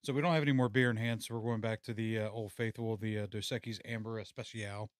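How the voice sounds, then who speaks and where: A man's voice: on the low side, steady tone, fast talker, no room sound. A man hosting a casual podcast chat, laid-back and swearing freely. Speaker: podcast host. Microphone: studio mic.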